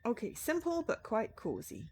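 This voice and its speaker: A woman's voice: on the high side, wildly swooping pitch, moderate pace, a little mellow, a little hiss or hum, voice pushed up. Woman doing a put-on Scottish man: a wry, mannered writer figure, lots of melodic movement. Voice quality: mannered, theatrical reading. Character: male writer William, genteel and wry.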